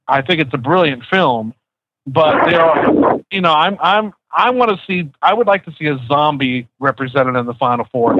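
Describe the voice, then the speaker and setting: A man's voice: on the high side, fairly bright tone, no room sound. A man on a casual podcast panel, arguing his pick in an emphatic way. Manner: emphatic, argumentative. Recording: dull dry lo-fi sound.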